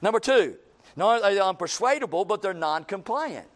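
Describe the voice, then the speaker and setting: Man, preaching, high-pitched, folksy, repeats key words. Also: animated, fairly quick. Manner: folksy, repetitive, rising to emphatic calls. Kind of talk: sermon.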